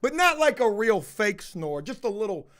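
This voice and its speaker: A man rants straight to his viewers, swearing nonstop. He speaks loudly and belligerently, calls the audience folks, and pushes every line hard. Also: high voice, sing-song, moderate pace. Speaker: video host. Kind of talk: profane ranting storytime.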